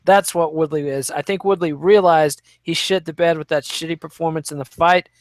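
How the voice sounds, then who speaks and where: A man with a high voice trades blunt, crude jokes on a podcast. The sound is close and dry, with almost no room. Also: steady tone, moderate pace, no room sound. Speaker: podcast co-host. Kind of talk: casual podcast banter.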